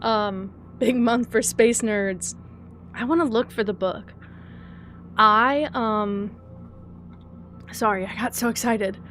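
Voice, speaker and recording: A young adult woman streaming, chatting casually and gushing excitedly, swinging between loud squeals and soft teary asides. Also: on the high side, slow, long pauses, a little hiss or hum. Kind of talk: casual live-stream chat.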